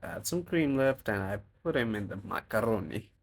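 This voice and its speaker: Gravelly, lively self-mocking male vlogger. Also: fairly low pitch, moderate pace, very noisy. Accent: non-native English. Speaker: cooking vlogger. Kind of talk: casual vlog voice-over.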